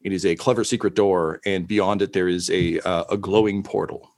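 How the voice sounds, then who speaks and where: A man narrating a tabletop game as its dungeon master. His voice sits a little low, and he describes each scene slowly, pausing often. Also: steady tone, a little mellow. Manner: halting, full of ums and uhs, slow descriptions.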